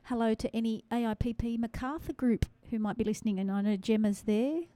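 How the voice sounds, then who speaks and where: A woman's voice: on the high side, fairly even intonation, brisk, dark tone. Chatty Western Sydney Australian woman host. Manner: chatty and upbeat, calling scores and judges. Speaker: photography awards host. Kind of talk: live-streamed event hosting.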